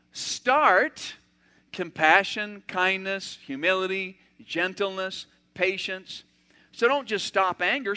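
An older man preaching a sermon, animated and acting out everyday scenes with sudden loud outbursts. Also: high-pitched. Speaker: pastor.

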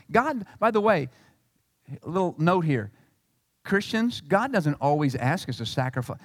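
A male pastor preaching a sermon in an animated, emphatic way. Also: fairly high pitch, unhurried, pauses often, no room sound, clean studio sound, in a large hall. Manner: animated and emphatic, acting out quotes.

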